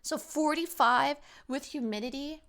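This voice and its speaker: A young woman streamer chatting casually with her chat, lively and animated, sometimes acting out what people say. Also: high-pitched, a little slow.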